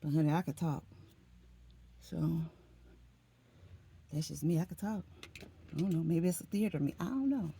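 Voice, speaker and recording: Warm and husky, this low-pitched woman's voice moves at a normal speed with vocal fry and long pauses. She's a middle-aged vlogger from Florida, talking emotionally and at length to her viewers, whom she calls "honey" and "y'all."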